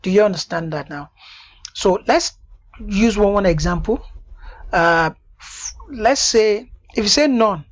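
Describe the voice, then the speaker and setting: A woman giving a screen-recorded software tutorial, stopping often to check that the viewer understands. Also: mid-range voice, expressive, a little slow, long pauses. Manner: repeatedly checks "do you understand that now?".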